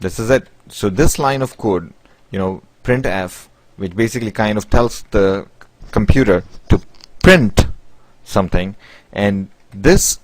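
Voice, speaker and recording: Poor audio captures a male programming instructor with a fairly low-pitched voice. He teaches through a screen recording, going step by step while stumbling over restarts and filling gaps with "basically" and "you know."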